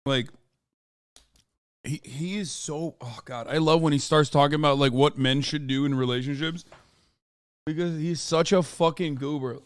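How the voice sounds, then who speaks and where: A man streaming reaction commentary, sarcastic and profane, now and then bursting into shouts. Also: fairly high pitch, steady tone, normal speed, clear, resonant tone, no echo, studio quality.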